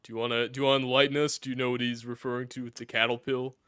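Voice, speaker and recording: A man hosting a casual podcast, his voice bright and crisp over a dry close mic. He asks his questions in an upbeat, chatty way. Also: medium pitch, level tone, racing, no room sound. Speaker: host.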